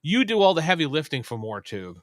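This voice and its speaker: A man's voice: fairly high pitch, very animated, fast. A man hosting a casual live stream chat, laid-back and trailing off with ums.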